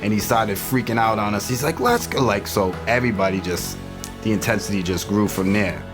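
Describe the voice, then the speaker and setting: A man who played alongside the subject, telling an animated story in a documentary interview. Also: on the low side, brisk, over music. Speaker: former teammate.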